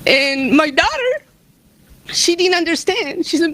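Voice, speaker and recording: Emotional woman, high voice. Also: unhurried, fairly bright tone, a little hiss or hum. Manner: emotional, near tears, laughs between memories. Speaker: striking union member on a panel. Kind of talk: personal storytelling on a panel.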